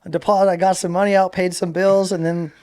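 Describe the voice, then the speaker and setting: Slightly high-voiced man telling a story. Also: level tone, fast, darkish tone. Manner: rambling, filler-heavy retelling with lots of "like". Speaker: guest. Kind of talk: casual storytelling.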